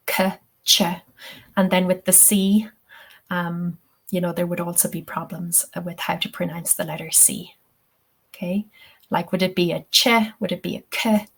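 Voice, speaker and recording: A woman, a tutor answering questions in a live webinar, chatty and thinking aloud with many ums. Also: fairly low pitch. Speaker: English-teaching tutor.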